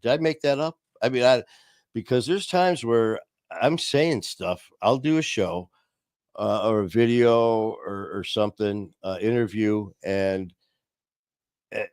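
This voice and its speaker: A man's voice: lowish voice, measured pace, darkish tone, no room sound, studio quality. A man hosting a podcast, telling stories in a loose, unscripted way with many restarts and chuckles, speaking over a video call. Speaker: podcast host. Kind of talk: casual storytelling chat. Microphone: video call via streaming software.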